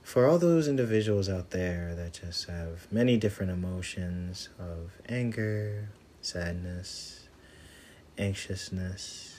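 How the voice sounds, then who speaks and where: A man hosting a podcast, guiding listeners through a breathing exercise with soft, repeated affirmations. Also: deep voice, a little hiss or hum. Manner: soft, slow, repetitive and soothing. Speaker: podcast host leading a healing exercise. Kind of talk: guided meditation with affirmations.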